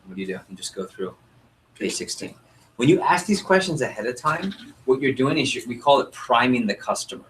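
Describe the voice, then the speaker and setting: Energetic young man coaching a sales team. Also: mid-range voice, a little fast, slight background noise, poor audio. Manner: energetic coaching, acts out customer dialogue. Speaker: sales trainer. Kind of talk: sales training workshop. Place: meeting room with group.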